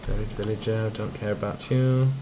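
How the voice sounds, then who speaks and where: Here a game streamer speaks at a fairly low pitch with fairly even intonation and a moderate pace. He reads the game's text aloud and mutters asides in casual let's-play commentary, against game music and a noisy background.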